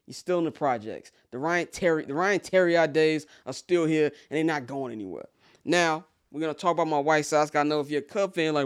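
A man's voice: a little high, a little fast, smooth. A man from Chicago giving a casual, blunt and profane sports rant as a commentator, opinionated throughout.

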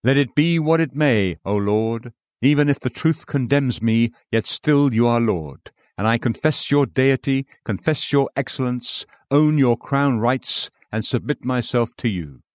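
A man reading a sermon aloud in measured, formal, old-fashioned preaching language. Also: mid-range voice, dry recording, studio quality. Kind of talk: read sermon.

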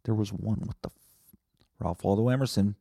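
A man hosts a solo podcast in a low voice, rambling from one thought to the next. His tone is warm and dark, and he swears bluntly. The recording is close and dry, with no room echo. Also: steady tone, moderate pace, vocal fry. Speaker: podcast host. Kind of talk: casual solo podcast monologue.

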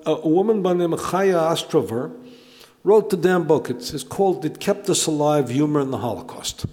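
A man's voice: a little high, darkish tone. A male historian giving a conversational public lecture, often stammering and restarting his sentences. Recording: long reverb lecture hall.

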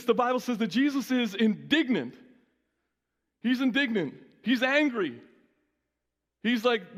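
High-voiced man preaching in an echoey hall. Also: unhurried, pauses often. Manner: lively, conversational preaching with frequent restarts. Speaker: pastor. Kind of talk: sermon.

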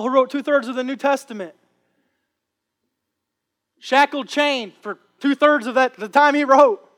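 A man's voice: extremely high pitch, fairly bright tone. A man preaching a sermon with impassioned, repetitive phrasing. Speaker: pastor.

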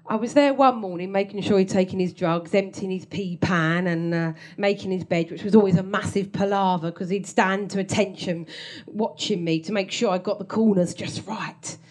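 A woman's voice: mid-range voice, normal speed, few pauses, darkish tone. A woman telling a comic story from her own life on stage, wry and self-mocking, often laughing through her lines.

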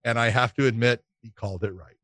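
A man telling a casual anecdote on a talk show, animated, laughing through it and swearing freely. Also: mid-range voice, fast, dry recording. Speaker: podcast co-host telling a story. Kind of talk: casual storytelling.

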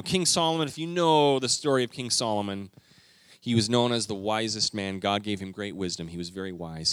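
A middle-aged man preaching a sermon, telling family stories with animated delivery and acted-out quotes. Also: lowish voice, no room sound, clean studio sound. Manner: storytelling, animated, acting out quotes. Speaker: pastor.

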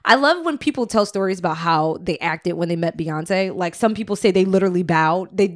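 A woman's voice: lowish voice, lively intonation, fairly quick. Blunt swearing podcast co-host, woman. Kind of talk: casual podcast banter.

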